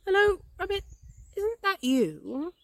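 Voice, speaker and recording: A woman's voice: fairly high pitch, very animated, unhurried, warm tone, voice pushed up, exaggerated voice. A woman voicing a friendly, hungry, simple-minded male bear in a storybook reading, earnest and polite. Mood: eager.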